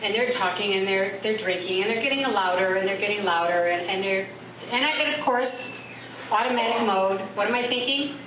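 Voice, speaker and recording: A woman telling a personal story on stage in an animated, chatty way, slipping into the voices of the men she quotes. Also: medium pitch, brisk, heavy reverb, a crowd in the background. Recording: distant, phone-like, noisy live room recording.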